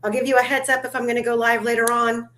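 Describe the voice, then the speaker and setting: A woman's voice: a little high, little pitch movement, fast, fairly bright tone. A woman hosting a casual livestream chat, talkative and loose, swearing now and then and laughing often. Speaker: livestream host.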